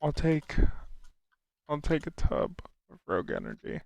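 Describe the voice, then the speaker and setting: A young American man on a live stream, answering his viewers' questions one by one. His voice is heavily gravelly and swings widely in pitch, and he often trips over the start of a sentence before going on. The sound is close and dry, with no room around it. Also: huge pitch swings, a little slow, a little mellow, no echo. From United States. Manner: reads out and answers chat questions, with frequent restarts. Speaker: livestreamer. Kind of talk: casual live-stream chat.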